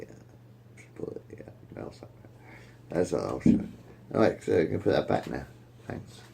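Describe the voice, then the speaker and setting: A man's voice: deep voice, gravelly, warm tone, a little hiss or hum. A man casually telling a joke among friends, rambling, restarting often and swearing freely. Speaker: joke teller.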